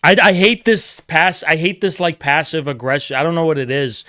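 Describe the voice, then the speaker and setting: A man's voice: on the high side, moderate pace, sharp tone, no echo, studio quality. A man livestreaming, ranting in a blunt, profane, exasperated way in casual monologue, at a desk mic indoors.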